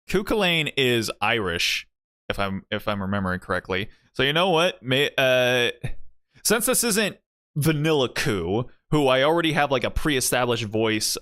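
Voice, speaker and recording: A man's voice: medium pitch, a bit bright, clear, resonant tone, dry recording, studio quality. A man streaming a game, chatting in a rambling way full of fillers and chuckles. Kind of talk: casual gameplay commentary.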